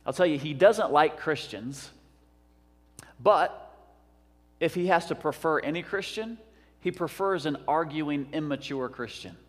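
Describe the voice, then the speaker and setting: A man's voice: fairly high pitch, measured pace, long pauses, in a large hall. A man preaching a sermon as pastor, urgent and exhorting, with joking asides.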